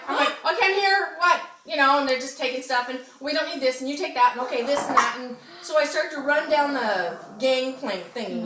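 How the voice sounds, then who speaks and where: Woman, lively casual storytelling, acts out voices, roomy sound, distant mic, noisy background. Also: high voice. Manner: animated, acts out quoted voices, laughs often.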